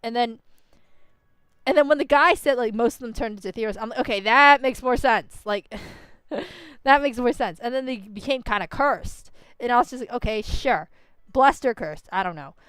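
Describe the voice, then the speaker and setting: A woman streaming a game and ranting about its plot, animated and swearing freely. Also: on the high side, normal speed, smooth, no echo. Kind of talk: casual reaction commentary.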